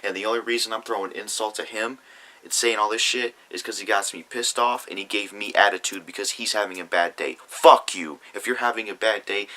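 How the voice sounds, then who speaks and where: A man's voice: on the low side, bright, forceful tone, rough recording. A young man ranting angrily to camera in a profane vlog, reading out comments and arguing back. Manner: reads comments aloud. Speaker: YouTuber. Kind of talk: angry vlog rant.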